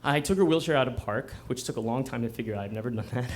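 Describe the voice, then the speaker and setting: A man in the middle of his pitch range tells a personal story to a live crowd in a bookstore. He talks casually and mocks himself, often breaking into laughter. A faint murmur of the room sits under his voice. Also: fast talker, slight background noise. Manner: conversational and self-mocking, breaks into laughter. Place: bookstore event before a live audience.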